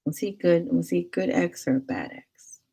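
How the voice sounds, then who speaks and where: A young woman chats casually with viewers on a livestream, her voice low and husky. She is talkative and loose, dropping into whispers for asides. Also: normal speed. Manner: chatty, animated, laughs and whispers asides. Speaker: livestream host. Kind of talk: casual live chat reading comments.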